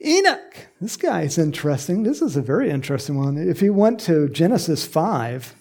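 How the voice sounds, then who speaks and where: Gravelly, husky man preaching a sermon. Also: on the high side, normal speed. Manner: conversational, animated preaching with acted-out voices. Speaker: pastor.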